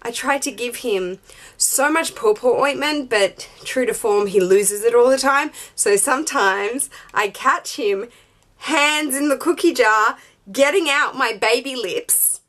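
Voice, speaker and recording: A young woman talks to her camera from a room at home. Her voice sits a little high, and she rambles in a hyper, bubbly way, as though she has had too much coffee. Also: measured pace, a bit bright. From Australia. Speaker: beauty and fashion vlogger. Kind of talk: casual chat to camera. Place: home closet room with yellow-lit background.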